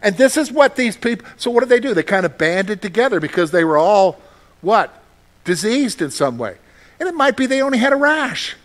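A male pastor preaching a sermon, animated, with frequent rhetorical questions to his listeners. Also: high-pitched, moderate pace.

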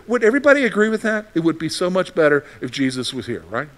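A man preaching a sermon to his congregation, asking rhetorical questions and answering them himself, moving between loud emphasis and quiet, confiding asides. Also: on the high side, very animated, quick pace. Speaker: pastor.

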